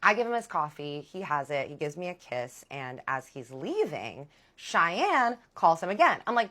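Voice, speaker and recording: A woman telling a personal story in casual chat, candid and animated, swearing freely and acting out dialogue. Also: on the low side, normal speed, few pauses.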